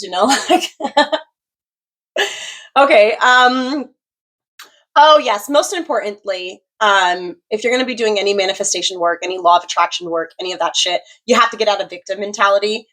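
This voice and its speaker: A woman's voice: mid-range voice, moderate pace, fairly bright tone. Chatty giggly woman full of fillers. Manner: chatty, filler-heavy, giggly, swears freely. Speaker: tarot reader. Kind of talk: casual chat on manifestation.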